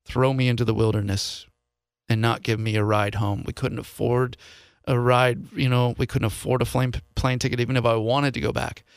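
A man's voice: mid-range voice, flat delivery, normal speed, clear, resonant tone, no room sound, studio quality. A man from Seattle, a podcast host, telling a personal story in an earnest, confessional way and voicing his past thoughts as quotes. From Seattle, USA.

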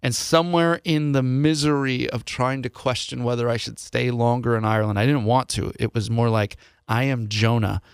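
A man's voice: medium pitch, steady tone, normal speed, vocal fry, few pauses, clean tone, no echo, clean studio sound. A man from Seattle, a podcast host, telling a personal story in an earnest, confessional way and voicing his past thoughts as quotes. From Seattle, USA.

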